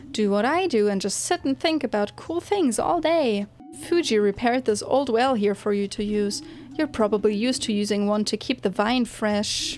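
A woman's voice: a little high, darkish tone, lightly acted. A woman voicing a laid-back, friendly young plant-folk guide in a video game, reading in an easygoing, breezy way.

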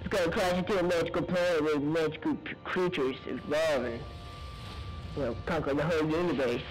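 A man giving rambling, goofy let's-play commentary on a low-quality mic, now and then breaking into excited high-pitched yelps. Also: fairly quick, soft background music. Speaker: gaming commentator. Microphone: low-quality microphone.

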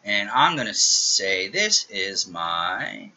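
A man's voice: on the low side, sing-song, slow, bright, forceful tone, slight background noise. A middle-aged man teaching programming in a recorded screencast lecture, casual and joking as he talks through his code. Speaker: programming instructor. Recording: dull lo-fi audio.

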